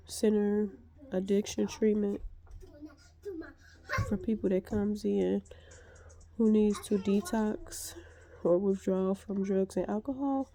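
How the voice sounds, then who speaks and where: A woman's voice: mid-range voice, warm tone. A woman telling a vlog story while congested, chatty with many fillers and laughing at herself. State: congested and sniffly. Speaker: vlogger.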